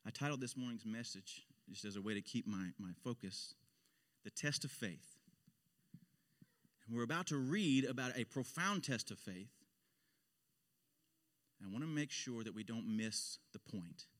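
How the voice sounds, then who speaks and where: A man's voice: mid-range voice, animated, unhurried, long pauses, in a large hall. A male pastor preaching a sermon in an impassioned style, his voice swelling on key phrases. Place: church sanctuary.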